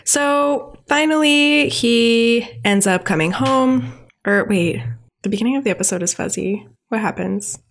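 Chatty woman retelling a cartoon episode. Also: a little slow. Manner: chatty, heavy use of "like", acts out voices with big pitch jumps. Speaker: podcast co-host recapping a cartoon episode. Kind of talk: casual chat.

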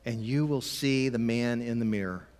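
A male pastor delivers a conversational sermon at a middle pitch. His voice rings with a long reverb, as in a big church hall. He presses points with emphasis, then drops to a quiet, low tone. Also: moderate pace.

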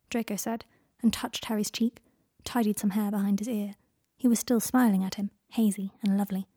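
Female story narrator; mellow, husky tone, dry close recording. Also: a little high, fairly even intonation, brisk, dry recording. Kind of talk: reading a story aloud.

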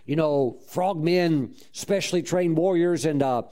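Animated preaching man. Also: a little high, unhurried. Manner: animated, exclaims and praises often. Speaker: pastor. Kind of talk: sermon storytelling.

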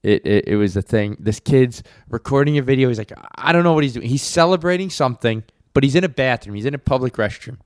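Male podcast co-host, mid-pitched, laid-back storyteller, dry close sound. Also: expressive, quick pace, few pauses, dry recording. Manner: laid-back storyteller, agrees often, acts out loud quotes. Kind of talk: casual chat.

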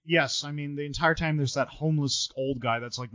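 A man's voice: mid-range voice, fairly even intonation, brisk, a bit bright, no room sound, lo-fi sound. A man co-hosting a casual movie-review podcast, making wry, dry remarks. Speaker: podcast co-host.

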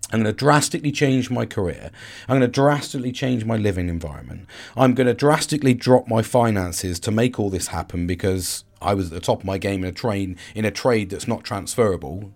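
A man's voice: on the low side, expressive, normal speed, vocal fry. A man with a Cockney accent hosting a podcast, talking through a personal story in a rambling, profane way with frequent restarts. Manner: rambling, swears freely, restarts often. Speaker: podcast host. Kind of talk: casual personal monologue.

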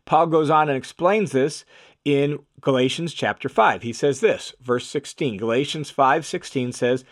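A man's voice: medium pitch, a little slow. A man teaching scripture on a podcast, emphatic and repeating key phrases for stress.

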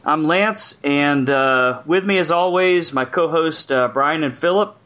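Relaxed man hosting a podcast. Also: fairly high pitch, unhurried. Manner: relaxed, with fillers and restarts. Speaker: podcast host. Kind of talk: casual chat.

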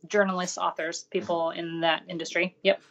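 A woman's voice: lowish voice, flat delivery, normal speed, a bit bright. A woman co-hosting a podcast, chatting casually with a dry, sarcastic edge. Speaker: podcast co-host and business owner. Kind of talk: casual discussion.

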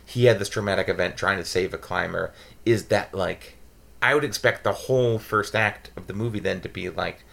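A man's voice: low-pitched, moderate pace, creaky, fairly bright tone. An American man co-hosting a podcast, chatting casually about a movie in a rambling, self-interrupting, joking way. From United States. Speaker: podcast co-host. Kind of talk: casual movie review chat.

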